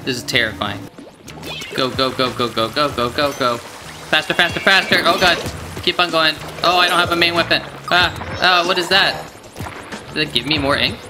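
A gaming video creator commentating their own play, reacting with yelps, groans and quick outbursts. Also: medium pitch. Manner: excitable, yelps and groans at game events. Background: game music.

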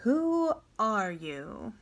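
A shrewd, indifferent king speaks in a flat, toneless way, probing his captive slowly, as a woman reads him aloud. Storybook reading, the voice pitched a little higher than the narration. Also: heavily acted. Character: shrewd, indifferent middle-aged male king.

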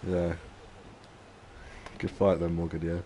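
Cocky streamer, low and dark. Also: male voice, little pitch movement, takes it slowly, slight background noise. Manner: cocky trash talk to chat. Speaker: gaming streamer. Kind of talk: live game stream commentary.

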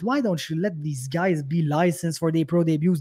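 Young Quebec-host with a slightly high voice, ranting in fury, profane, tripping over his own words. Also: moderate pace, few pauses, a little mellow, husky. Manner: heated, profane, repetitive restarts. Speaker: podcast host. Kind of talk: angry casual rant.

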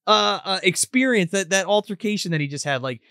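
A man in casual podcast chat about a horror film, his voice a little high and swinging widely in pitch. He swears freely and acts out scenes as he retells them. The sound is dry and close. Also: a little fast, no echo. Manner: profane, animated, retells scenes in quotes. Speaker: podcast co-host. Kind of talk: casual movie review chat.

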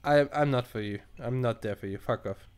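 A man's voice: mid-range voice, fairly quick, darkish tone, clean tone. Man reading game chat with sarcastic asides. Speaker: let's play gamer. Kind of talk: casual let's play commentary. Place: at home at a computer.

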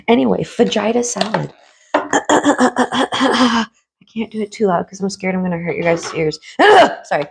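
A woman in a casual mukbang chat, eating and rambling in a hushed tone, full of fillers and the odd swear. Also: medium pitch, expressive, unhurried, vocal fry, a little hiss or hum. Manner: speaks in a hushed tone while eating. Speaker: food vlogger and streamer.

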